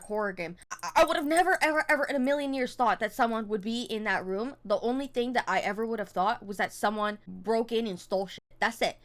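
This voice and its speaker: A woman in her twenties telling a storytime vlog, casual and profane, acting out quoted dialogue with lively energy. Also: on the high side. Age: 20s. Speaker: storytime vlogger.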